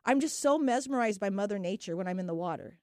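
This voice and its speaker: A woman's voice: medium pitch, expressive, quick pace, a little mellow, no echo, studio quality. A woman hosting a radio talk show, chatting with enthusiasm and laughing often. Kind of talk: casual radio chat.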